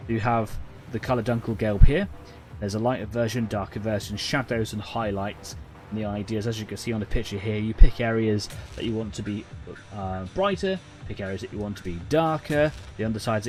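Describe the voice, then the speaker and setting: A man's voice: on the low side, a little mellow. A man, hosting a live painting stream in a rambling, chatty way with lots of fillers. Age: 30s. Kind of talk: casual live-stream chat. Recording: faint music behind.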